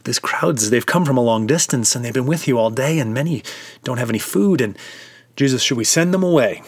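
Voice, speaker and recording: A man's voice: mid-range voice, expressive, a little fast, breathy edge, no room sound. A man playing an earnest, worried disciple. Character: worried male disciple pleading with Jesus.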